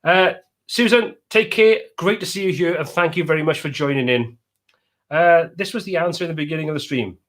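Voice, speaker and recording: A man's voice: a little high, a little fast, a bit bright. A man with a Welsh accent, casually chatting as host of a live stream and reading out viewers' comments.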